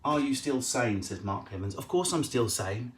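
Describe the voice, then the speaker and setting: A man's voice: mid-range voice, lively intonation, slight background noise. Profane, riffing male comedian. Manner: quick, profane, jokey riffing. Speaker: stand-up comedian hosting a live Q&A stream. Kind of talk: casual live-stream Q&A.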